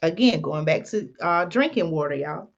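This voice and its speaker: A woman's voice: sits low, animated, normal speed, gravelly, lo-fi sound. Folksy woman reading news aloud. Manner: folksy, many ums and "y'all", reads aloud then comments. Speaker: channel host. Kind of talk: reading and commenting on an article.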